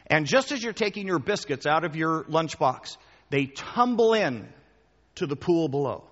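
A man's voice: a little high, very animated, moderate pace, fairly bright tone, muffled recording. Man, pastor, sermon, conversational, questions the congregation, emphatic repetition, long hall reverb.

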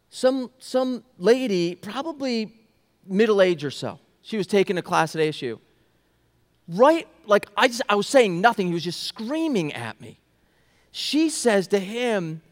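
A young male pastor with a high voice preaches to his church, telling the story in a lively way. He goes from loud and urgent to soft and hushed. His voice rings with the long reverb of a large sanctuary. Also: measured pace. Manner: animated, swings from loud and urgent to hushed and quiet. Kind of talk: sermon storytelling.

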